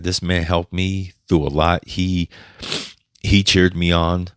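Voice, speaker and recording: A man with a very deep, low voice that stays flat and level, sounding dry and close with no room around it. He talks as a podcast host sharing a personal story, halting and emotional, stopping and restarting and swearing now and then. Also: no echo.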